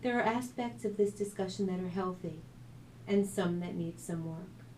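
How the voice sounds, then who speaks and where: A woman's voice: lowish voice, moderate pace, dark tone, a little hiss or hum, poor audio. A woman, the author and radio host, reading a family story aloud and adding her own commentary.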